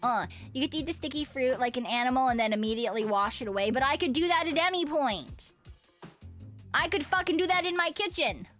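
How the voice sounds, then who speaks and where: A woman's voice: high-pitched, animated, a little fast, a bit bright, faint music behind. A woman streamer chatting casually with viewers, rambling, giggling often and swearing freely. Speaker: VTuber streamer. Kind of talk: casual stream chat reading viewer messages.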